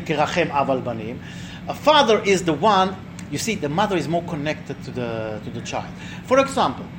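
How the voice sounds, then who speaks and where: Teaching a religious class, this middle-aged man, probably a rabbi or teacher, keeps it conversational: he tells stories, asks his listeners questions and imitates voices. His voice is a little high, and the background is noisy.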